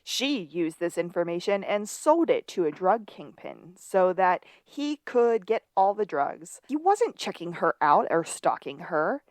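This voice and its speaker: Low-voiced woman recapping, dry sound. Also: very animated, a little slow, few pauses, no echo. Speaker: podcast co-host. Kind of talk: casual episode recap chat.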